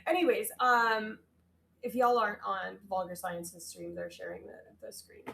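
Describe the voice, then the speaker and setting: A woman's voice: mid-range voice, unhurried, vocal fry, fairly bright tone, a little hiss or hum. A woman co-hosting a casual live-streamed science chat, who swears, jokes and tosses in a put-on 'mate'. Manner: swearing, jokey, slips into a put-on Aussie 'mate'. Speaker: co-host.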